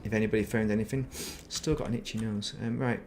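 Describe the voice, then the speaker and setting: Streaming a game, this middle-aged man chats loosely, reminiscing and muttering under his breath. His voice is on the low side, darkish and steady, moving at a quick pace, and slight background noise is present.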